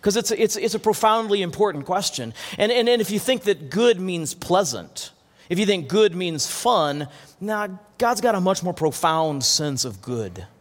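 A man preaching a sermon as pastor, earnest, often restarting and repeating words. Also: fairly high pitch. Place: church hall. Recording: long hall reverb.

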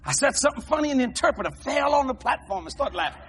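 An American man preaching a sermon, telling stories in an animated way, shouting and laughing as he goes. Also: extremely high pitch, racing, background noise. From United States. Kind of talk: storytelling sermon.

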